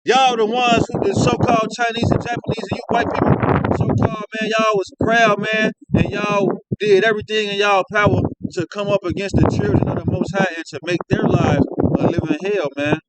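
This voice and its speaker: A man's voice: sits high, little pitch movement, fairly quick, very noisy. A man reading scripture aloud and commenting on it in loose, slangy street talk, often tagging his lines with "man", recorded on a phone. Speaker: street-style Bible teacher.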